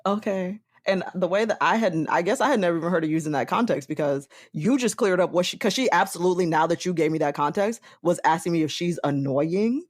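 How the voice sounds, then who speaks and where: A woman's voice: on the low side, brisk, hardly any pauses, no room sound, studio quality. A woman hosting a podcast, chatting casually and laughing often as she tells stories. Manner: animated, laughs often while telling stories. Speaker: podcast host. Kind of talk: casual chat.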